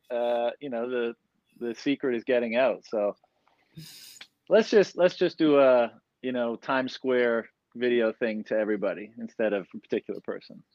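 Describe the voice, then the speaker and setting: A man's voice: medium pitch, no room sound. A man speaking as a guest on a panel, earnest and impassioned when he makes his case. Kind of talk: panel discussion. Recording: dull, dry lo-fi mic.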